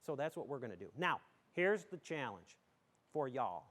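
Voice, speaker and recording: A man's voice: medium pitch, very animated, normal speed, fairly bright tone. A middle-aged man from western New York, a school superintendent giving a folksy, joking, emphatic talk to a community audience. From southern tier of western New York.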